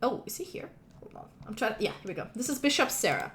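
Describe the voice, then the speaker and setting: A woman's voice: a little high, very animated, fast talker, fairly bright tone, slight background noise. A woman narrating as game master of a tabletop role-play stream, rambling with lots of fillers. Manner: rambling, filler-heavy, laughing asides.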